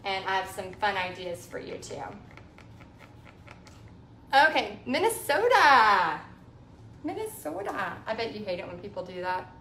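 A woman's voice: mid-range voice, fairly even intonation, moderate pace, pauses often, fairly bright tone, slight background noise. A woman with a Texan accent, chatting casually while she teaches a painting tutorial. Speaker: painting instructor. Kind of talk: live painting tutorial chat. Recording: echoey room.

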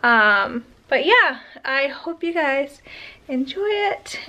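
A woman's voice: big pitch swings, slow, sharp tone. A woman vlogging in a casual, rambling way, with many hesitations, who turns to cooing at her puppy. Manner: rambling, hesitant, full of ums; coos in a high voice at her puppy. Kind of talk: casual chat to camera.

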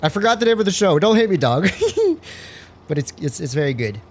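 A young man doing live gameplay commentary on a stream, excitable and slangy, joking and talking to his chat. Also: on the high side, racing.

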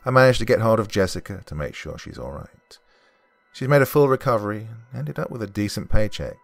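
A man narrating a horror story in an expressive, scripted storytelling way. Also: fairly low pitch, fairly quick, gravelly, dry recording. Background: faint background music.

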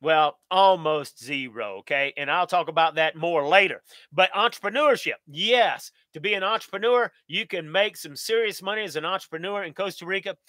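A folksy middle-aged man from the answers viewer questions on a live stream. His voice sits high and bright, recorded close and dry. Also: normal speed, no echo. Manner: folksy, upbeat, talks straight to viewers. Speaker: channel host.

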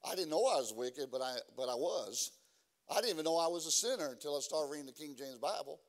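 A man preaching a sermon as a guest preacher. He stumbles through fillers and restarts, then builds to loud, emphatic preaching. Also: on the high side, animated, quick pace. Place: church.

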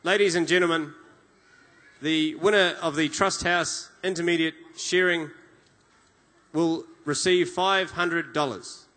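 A man's voice: a little high, steady tone, measured pace, bright, forceful tone. A man hosting a prizegiving, formal announcements mixed with friendly banter.

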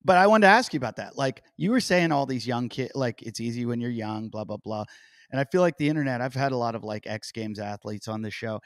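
A middle-aged podcast host tells stories in casual interview chat, animated and loudly acting out quotes. He has a mid-range voice and a quick pace, with dry, clean studio sound.

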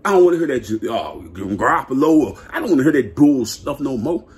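A man vlogging a hyped, slangy football rant, laughing and repeating himself in his excitement. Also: mid-range voice, a little fast. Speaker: sports vlogger.

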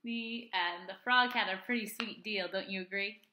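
A woman's voice: mid-range voice, normal speed, bright, forceful tone, a little hiss or hum. Upbeat woman teacher reading to kids. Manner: upbeat, friendly, addressing children. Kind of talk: children's read-aloud. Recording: echoey room.

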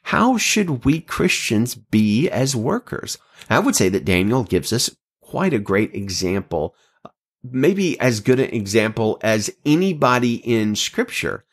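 A man teaching a Bible passage in an earnest, animated way, with a brief joke. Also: medium pitch, unhurried. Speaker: pastor.

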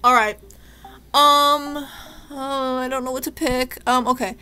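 A woman's voice: high-pitched, steady tone, slow, bright, forceful tone, faint music behind. A young woman hosting a let's-play, talking nervously and anxiously to herself as she plays. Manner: nervous, jittery, with frequent anxious exclamations. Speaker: gaming channel host.

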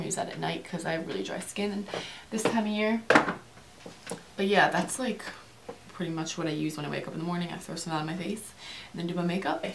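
A young woman chatting casually to her camera as a beauty vlogger, rambling and fast, with lots of fillers. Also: fairly low pitch, a little hiss or hum. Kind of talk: casual chit-chat.

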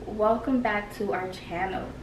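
A young adult woman co-hosting a casual chat, animated and questioning, recorded from a distance in an echoey room. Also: mid-range voice, measured pace. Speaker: co-host. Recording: echoey room, mic far off, noisy.

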